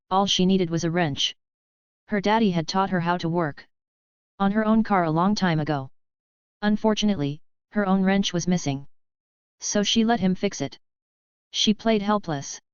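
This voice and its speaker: A woman's voice: on the low side, clean tone, dry recording, dull audio. Clean-voiced woman reading romance. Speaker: audiobook narrator. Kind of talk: scripted romance narration.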